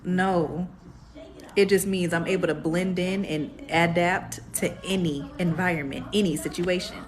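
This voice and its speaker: A young woman, hosting a casual astrology live stream in a sassy, animated way. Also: lowish voice, unhurried. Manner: sassy, animated, calls viewers "baby".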